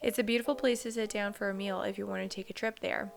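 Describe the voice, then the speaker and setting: A woman's voice: mid-range voice, steady tone, quick pace, gravelly. A young woman who hosts a travel vlog talks casually to camera and narrates in voice-over, rambling a little with fillers and restarts. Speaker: travel vlogger. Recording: loud background music.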